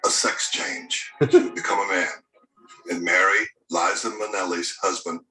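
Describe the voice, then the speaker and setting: A man playing a mock prophet who gives smug comic predictions in a deadpan, solemn oracle delivery, from a TV comedy sketch. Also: low-pitched, measured pace, reverberant, poor audio.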